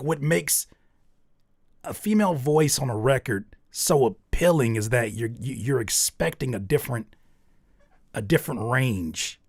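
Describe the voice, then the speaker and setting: A man's voice: on the high side, a little slow, vocal fry, breathy edge, no room sound, studio quality. A man hosting a livestream, giving candid and rambling feedback on listeners' songs, with many restarts. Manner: candid, rambling with restarts, gets loud and animated in disbelief. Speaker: host reviewing listener music. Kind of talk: casual livestream music feedback.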